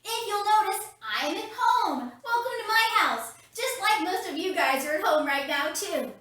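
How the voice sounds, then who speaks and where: A woman's voice: very high voice, animated, moderate pace, bright, forceful tone. A woman leading kids' story time from her home, upbeat and talking straight to the children. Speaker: children's ministry leader. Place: at home, roomy indoor space. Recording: very echoey room, mic at a distance.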